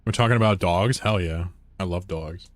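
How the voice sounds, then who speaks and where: A man with a low voice talks loosely to his stream chat while he plays. He rambles from one thing to the next and swears freely. It sounds like he is at a desk mic in a room at home. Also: normal speed, dry recording. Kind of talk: casual live-stream chat while gaming.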